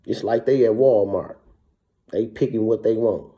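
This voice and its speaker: A man's voice: lowish voice, steady tone, moderate pace, dark tone. A man from Wisconsin, a former prisoner, telling his story in casual, profane street talk and keeps asking "you know what I'm saying".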